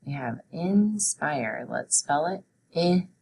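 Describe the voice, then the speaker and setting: A woman teacher leading a spelling lesson for children, sounding out words and letters slowly and deliberately. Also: sits low, creaky, darkish tone, a little hiss or hum.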